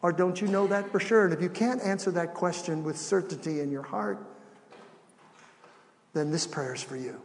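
A middle-aged man preaching a sermon as pastor, animated, shifting between soft and loud with acted asides. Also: sits high, normal speed, pauses often, long reverb tail, a little hiss or hum. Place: church sanctuary.

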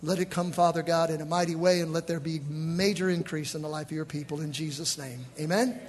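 A man's voice: on the high side, fairly even intonation, brisk, a little hiss or hum. A man leading a church service as pastor, joking with the congregation during the offering and closing with an altar call. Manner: joking, then chanting and shouting with the congregation. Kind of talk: church offering appeal and praise chant. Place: church sanctuary. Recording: church hall with music and crowd. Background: music and congregation.

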